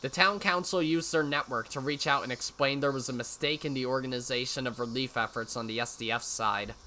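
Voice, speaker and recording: A man's voice: medium pitch, sharp tone, a little hiss or hum. A man hosting a let's play, reading a visual novel aloud and breaking in with wry, sarcastic asides.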